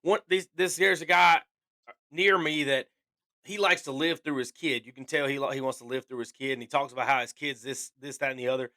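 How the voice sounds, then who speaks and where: A man co-hosting a podcast in casual conversation, talking in an animated, emphatic way and repeating phrases for stress. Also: mid-range voice, a little fast. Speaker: podcast co-host.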